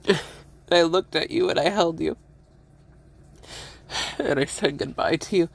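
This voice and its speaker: A tearful man talking through an emotional personal monologue, halting and repeating himself, with laughs and sighs between his phrases. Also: on the high side, vocal fry.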